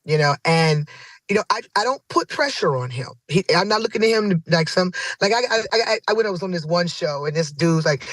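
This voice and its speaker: A woman's voice: on the low side, animated, fairly quick, no echo. A woman guest, telling emphatic, sassy stories in casual podcast chat.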